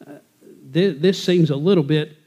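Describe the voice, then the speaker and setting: A man leads a Bible class in a relaxed, folksy manner, reading scripture aloud and then explaining it in plain talk. His voice sits somewhat high for a man. He talks easily and conversationally. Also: moderate pace. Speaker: Bible teacher. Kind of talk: verse-by-verse Bible teaching.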